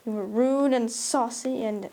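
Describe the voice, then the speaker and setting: A stern, dry older woman, as a reader puts her on for a storybook, reproving and measured. Her voice is mellow and soft-edged, close to the reader's own and a touch lower and quieter. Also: fairly even intonation, rough recording. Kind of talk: audiobook reading.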